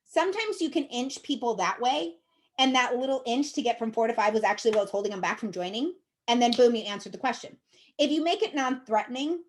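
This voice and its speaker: A woman with a slightly high voice coaches her sales team in a chatty, upbeat way. She keeps checking in with her listeners as she talks, and she sounds encouraging throughout. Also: lively intonation, normal speed. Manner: chatty, checks in with frequent "okay?" and "right?". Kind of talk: casual coaching talk to a team.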